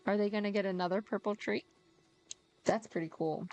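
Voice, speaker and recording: A woman's voice: medium pitch, fairly even intonation, a little fast, a little mellow, faint music behind. A young woman streamer chatting casually and giggly with her viewers, reading and answering their comments. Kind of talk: casual chat.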